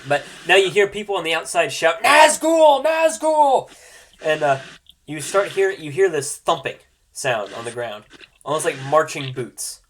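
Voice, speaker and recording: A man narrating as game master of a tabletop role-playing game, pausing often with ums and restarts. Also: a little high, fairly bright tone, a little hiss or hum. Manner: frequent ums and restarts while describing scenes.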